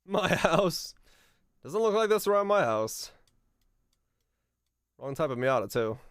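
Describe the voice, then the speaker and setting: A man's voice: on the high side, sing-song, takes it slowly, a bit bright, clear, resonant tone, no echo, studio quality. A man streaming a geography guessing game, chatting casually and musing aloud, with easy laughs and the odd swear. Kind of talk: casual live-stream chat while playing a geography game.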